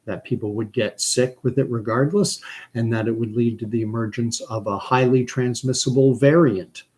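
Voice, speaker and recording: A man's voice: medium pitch, a little mellow, low-quality recording. A man from Canada talking through a rambling, unscripted commentary, stopping often for fillers and restarts. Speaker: commentary channel host.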